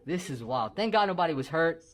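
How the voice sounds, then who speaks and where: A man's voice: on the high side, lively intonation, a little fast. A man giving casual, slangy reaction commentary with a warning tone.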